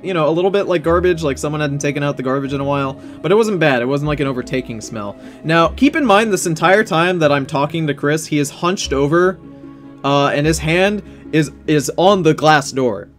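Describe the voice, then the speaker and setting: A young man streaming while he draws, telling a long story in a rambling, profane, animated way. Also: fairly high pitch. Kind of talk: casual storytelling while drawing.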